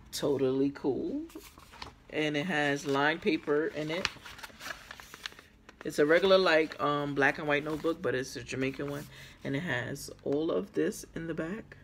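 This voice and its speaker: A vlogger is losing her voice, which sits low with a faint hiss or hum behind it. She chats casually with viewers during an unboxing, calling them "guys," while a camera on a small tripod records her.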